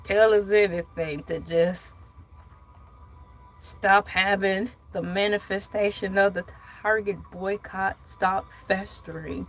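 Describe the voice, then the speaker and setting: A woman's voice: mid-range voice, level tone, slow, a little hiss or hum, low-quality recording. A woman hosting a casual vlog, reading news aloud and breaking off for playful, joking asides. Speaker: vlog host.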